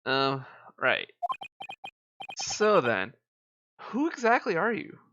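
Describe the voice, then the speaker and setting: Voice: medium pitch, wildly swooping pitch, slow pace, dull audio, noisy background, exaggerated voice. A streamer voicing a nervous, earnest young male law student in a visual novel, who stammers and apologizes. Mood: flustered. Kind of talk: reading visual novel lines aloud. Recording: game music playing behind. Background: game music.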